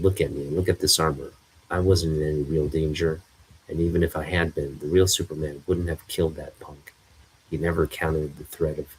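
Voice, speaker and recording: A man's voice: a bass voice, slight background noise, low-quality recording. A man voicing a blunt, accusing armored male hero, reading a comic aloud.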